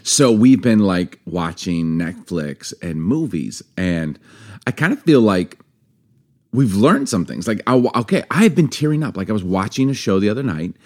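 A man's voice: lowish voice, moderate pace. A man in his thirties co-hosting a podcast, chatting casually and easily, with a lot of fillers. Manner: relaxed, chatty, many fillers. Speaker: podcast co-host. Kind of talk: casual chat.

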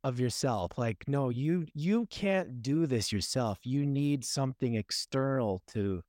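A man's voice: medium pitch, lively intonation, unhurried, a little mellow, dry recording. Brief: male podcast host, affirming interviewer, dry room. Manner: brief, affirming responses and reflective questions. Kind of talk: casual interview.

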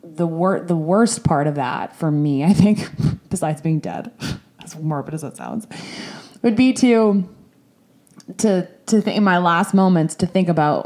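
A woman with a low, dark and mellow voice speaks openly about a hard personal experience. She is frank, swears freely and often restarts her sentences, with raw emotion close beneath the surface. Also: animated, unhurried. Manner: emotional, at times near tears. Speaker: storyteller recounting a family crisis. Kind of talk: candid personal monologue.

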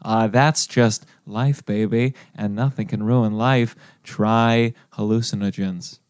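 A man's voice: fairly low pitch, steady tone, takes it slowly, a little mellow, smooth, no room sound, clean studio sound. A man in a comedic debate, dropping absurd wisecracks and playful interruptions.

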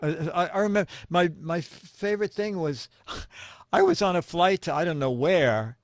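A man's voice: high voice, normal speed, no echo, clean studio sound. An older man, a humor writer being interviewed, telling stories and acting out the people in them. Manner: animated, acts out the people in his stories. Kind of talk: anecdotal storytelling in conversation.

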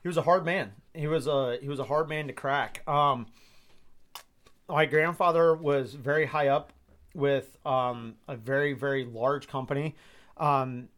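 A man in his thirties from Georgia hosting a live stream Q&A, answering in a reflective, hesitant way with many pauses and fillers. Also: medium pitch, fairly even intonation, fairly bright tone. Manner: reflective, hesitant with many ums, gets emotional. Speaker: host.

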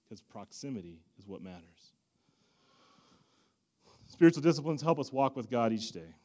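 A pastor delivers a sermon in a conversational, self-deprecating manner, moving from loud emphasis to hushed asides. His voice is mid-range.

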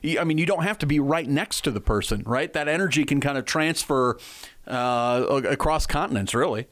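A man's voice: a little high, fairly quick, fairly bright tone. Casual, chatty male radio host. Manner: casual, rambling, friendly with filler restarts. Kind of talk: interview conversation.

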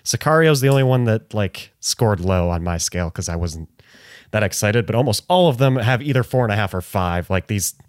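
Low-voiced guy co-hosting a podcast, laid back, dry close sound. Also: lively intonation, a little fast, dry recording. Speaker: podcast co-host. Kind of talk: casual chat.

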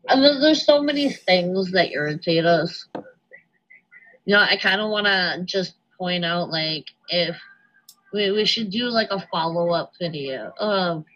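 A woman's voice: on the low side, animated, measured pace, fairly bright tone, dull audio. A woman from New Hampshire co-hosting a podcast, talking frankly and swearing casually. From New Hampshire, USA. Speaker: podcast co-host.

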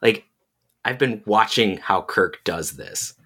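A man's voice: on the low side, sing-song, takes it slowly, vocal fry, pushed and bright, breathy edge. A man co-hosting a casual podcast, musing at length and leaning on "like" as he talks. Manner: rambling, frequent "like" fillers. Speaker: podcast co-host. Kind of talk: casual chat.

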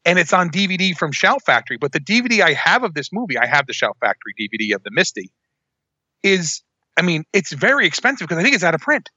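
A man with a bright, somewhat high voice co-hosts a casual podcast chat. He rambles in an animated way, often cutting himself off to restart. The sound is dry and a little dull, like a lo-fi recording. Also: fast talker, slightly rough, no echo. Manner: rambling, animated, self-interrupting. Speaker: podcast co-host.

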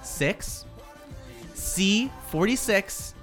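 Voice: medium pitch, lively intonation, drawn-out words, a bit bright, soft background music. A quiz host reading out multiple-choice answers and laughing often in a casual chat. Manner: upbeat, laughs often, reads answer options. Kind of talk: casual radio quiz hosting.

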